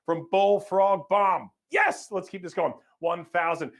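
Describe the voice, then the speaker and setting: Man, high-pitched voice, upbeat fundraiser host, reads donations, playful quips. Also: a little slow, fairly bright tone. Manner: upbeat, reads out donor names and gifts with jokes. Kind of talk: live benefit fundraising call-out.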